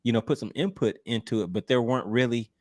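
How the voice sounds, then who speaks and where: A man hosts a casual livestream, reading out chat comments. His voice sits at an ordinary, middling pitch, and he talks in a relaxed, teasing manner with frequent laughs. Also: fast. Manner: easygoing, laughs often, teasing. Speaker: livestream host.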